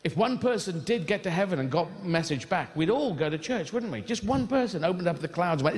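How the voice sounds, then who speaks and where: A male stand-up comedian telling rambling, animated stories on stage, swearing freely and slipping into voices. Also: high-pitched, brisk, few pauses.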